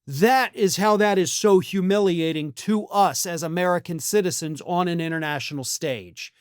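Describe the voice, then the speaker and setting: A man's voice: high-pitched, moderate pace, clear, resonant tone, dry recording, clean studio sound. A man hosting a political commentary show, talking in a scornful, emphatic monologue with some restarts.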